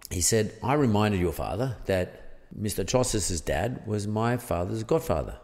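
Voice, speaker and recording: A man's voice: lowish voice, lively intonation, unhurried, darkish tone, in a large hall. An Australian man, a podcast guest, telling a story in a rambling, casual way full of fillers. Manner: rambling, peppered with "blah, blah, blah" and fillers.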